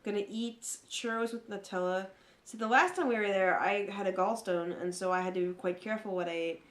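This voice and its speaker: A woman co-hosting a podcast keeps a brisk pace at medium pitch in a reverberant setting. She chats casually, telling lively stories and playing the parts of the people she quotes.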